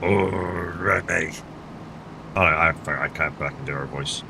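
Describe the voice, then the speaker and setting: A man's voice: very deep voice, a little slow, vocal fry, noisy background. A man streaming a farming game live, chatting casually with viewers, laid-back and swearing freely. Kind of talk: casual live gameplay chat.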